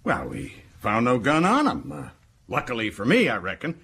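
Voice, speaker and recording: An actor playing a boastful, folksy American prison governor in a radio drama, with an American accent. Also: male voice, mid-range voice, wildly swooping pitch, moderate pace, vocal fry, fairly bright tone, husky, heavily acted. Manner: boastful, folksy and self-satisfied.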